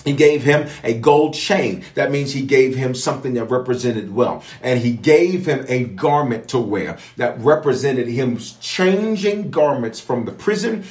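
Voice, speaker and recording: A man preaching as a bishop, mid-pitched and emphatic, driving his points home with repeated phrases and prophetic declarations. He speaks directly to his online viewers. The voice rings out in an echoey room. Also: expressive, a little slow, few pauses, darkish tone. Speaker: bishop leading online prayer. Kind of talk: preaching prayer and Bible teaching.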